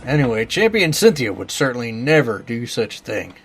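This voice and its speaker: A man's voice: mid-range voice, sing-song, a little fast, fairly bright tone, breathy edge, faint music behind. A man voicing a brusque, impatient old male professor with a blustery, commanding manner. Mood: brisk. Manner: blustery, commanding, barks orders.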